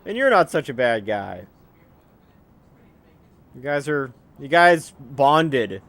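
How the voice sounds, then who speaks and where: Here a let's play commentator jokes casually over the game he's playing, chatting freely and now and then erupting in loud excitement. He has a medium-pitched voice and speaks slowly.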